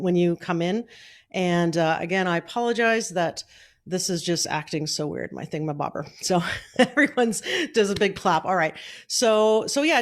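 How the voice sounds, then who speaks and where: A middle-aged woman coaching online business on a casual live stream, chatty and upbeat while fiddling with her setup at home. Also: mid-range voice. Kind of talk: casual Facebook Live training. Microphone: desk mic, moved around during the stream.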